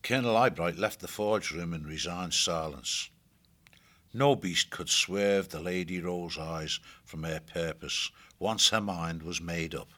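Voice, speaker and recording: A man narrating an audiobook with a measured, expressive reading. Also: sits low.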